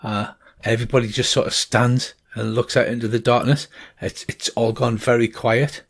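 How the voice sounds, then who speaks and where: A middle-aged man runs a tabletop game, describing the scene in a mid-range voice. He pauses often, filling gaps with ums and uhs. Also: mid-range voice, little pitch movement, creaky, breathy edge. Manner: halting, full of ums and uhs. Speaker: game master.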